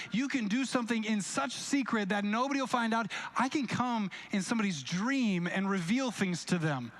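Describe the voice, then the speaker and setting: High-voiced man preaching a sermon. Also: fairly bright tone. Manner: conversational storytelling with acted-out quotes. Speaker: pastor. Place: church sanctuary, recorded live.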